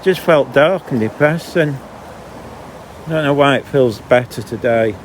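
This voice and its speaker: Brief: chatty man, mid-pitched, vlogging outdoors while walking dogs, with faint noise behind. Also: measured pace. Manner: chatty, grumbling, breaks off mid-sentence. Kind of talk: casual walking vlog monologue. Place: outdoors on a canal towpath.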